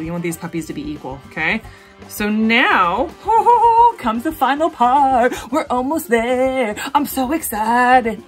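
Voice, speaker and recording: A woman hosting her own jewelry-making tutorial, chatty and bubbly, gushing with excitement as she talks viewers through each step. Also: medium pitch. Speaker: jewelry-making video host. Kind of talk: casual craft tutorial.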